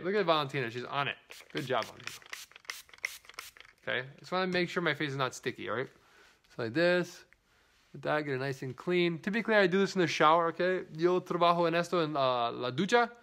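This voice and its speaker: A man's voice: on the high side, fast, sharp tone. A man chatting through a live product demonstration, greeting viewers by name and switching into broken Spanish, filmed on a phone at home. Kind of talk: casual live product demo.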